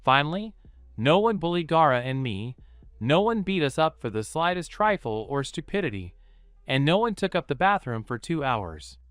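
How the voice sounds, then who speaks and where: A man's voice: on the high side, big pitch swings, moderate pace, a bit bright, smooth, no room sound, studio quality. A man voicing a sarcastic teenage older brother, teasing in tone.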